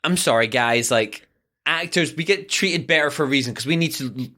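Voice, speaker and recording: Man, young adult, podcast host, bright voice, candid, laughing. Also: a little high, fairly quick. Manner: candid, swearing, laughs often. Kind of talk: casual chat.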